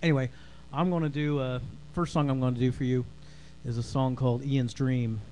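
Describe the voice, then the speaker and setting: A man's voice: mid-range voice, fairly even intonation, fairly quick, slight background noise, rough recording. Man in a put-on Scottish brogue. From South Philadelphia. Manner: puts on a mock Scottish brogue, drawn out and loud. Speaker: singer-songwriter performer.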